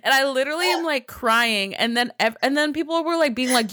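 Profane, animated young woman storyteller. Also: sits high, a little fast, dry recording, studio quality. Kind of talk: casual chat.

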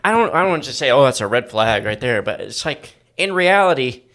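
A man's voice: mid-range voice, big pitch swings, brisk, a bit bright. A man co-hosting a casual podcast, reacting to his partner and rambling through his thoughts. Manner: reactive listener, musing and rambling. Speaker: podcast co-host. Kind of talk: casual chat.

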